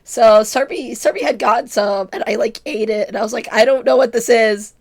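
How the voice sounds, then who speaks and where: Young woman, streamer, casual chat, self-mocking, rambling, slightly high voice, strained from illness. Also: steady tone, a little fast, creaky. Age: 20s.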